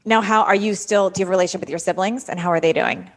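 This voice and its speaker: A woman hosting a podcast, asking questions and calmly affirming her guest. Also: mid-range voice, rapid-fire. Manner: calm, affirming listener. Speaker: podcast host. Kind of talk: interview questions and reflections.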